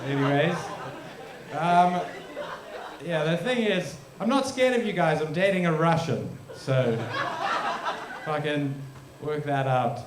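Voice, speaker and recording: A man's voice: a little high, expressive, takes it slowly, long pauses, a crowd in the background, noisy background. Rambling young man from South Africa. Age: young adult. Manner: rambling, self-deprecating, crude. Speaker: stand-up comedian. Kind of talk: stand-up set at open mic. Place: large room or hall, live stage. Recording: echoey hall.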